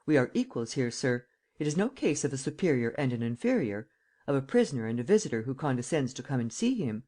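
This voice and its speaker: An audiobook reader voicing a proud, cool-headed gentleman thief in a prison cell, polite and ironic. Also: mid-range voice. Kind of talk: audiobook character reading.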